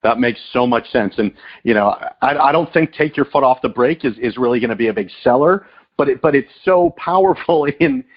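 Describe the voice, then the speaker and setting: A man hosting a podcast, asking a long question in a halting way with repeated words. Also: mid-range voice, expressive. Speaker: podcast host. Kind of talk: interview questions. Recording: dull lo-fi audio.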